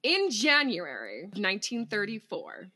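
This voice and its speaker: A woman's voice: mid-range voice, huge pitch swings, moderate pace, pushed and bright. A woman co-hosting a podcast, telling a story in casual chat, giggly and freely swearing as she reads out quotes.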